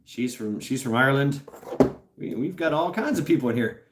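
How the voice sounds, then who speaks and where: A man's voice: mid-range voice, lively intonation, moderate pace, heavy background noise. A man hosting a casual livestream, reading out chat and rambling with laughs, swears and lots of fillers. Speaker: host reading live chat. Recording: roomy echo.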